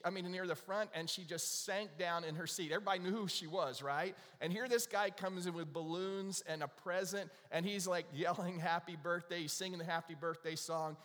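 A man's voice: fairly high pitch, a bit bright. A middle-aged man preaching an Easter sermon, telling stories and often asking the congregation "right?". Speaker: pastor. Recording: long hall reverb.

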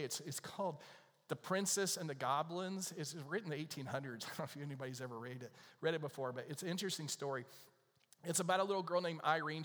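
A man's voice: fairly high pitch, fairly bright tone. A man preaching a sermon, retelling a story in a conversational way and putting questions to the congregation. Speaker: pastor. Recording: long hall reverb.

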